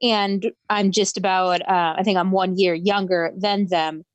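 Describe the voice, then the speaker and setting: A woman's voice: mid-range voice, fairly even intonation, unhurried, no echo, dull audio. A woman from Wisconsin, a podcast co-host and nurse, explaining her background plainly with fillers in a casual interview.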